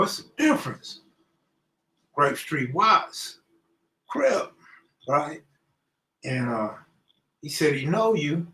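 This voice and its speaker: A man's voice: a little high, a bit bright, echoey room, low-quality recording. A man from Los Angeles hosting a casual live stream, greeting viewers by name and talking in loose street slang. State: out of breath. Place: room at home, alone.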